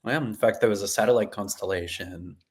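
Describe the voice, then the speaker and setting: A man hosting a podcast, relaxed and chatty, often chiming in with short agreement. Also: lowish voice, brisk, slightly rough. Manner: relaxed listener with brief agreeing interjections. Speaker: podcast host. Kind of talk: casual chat.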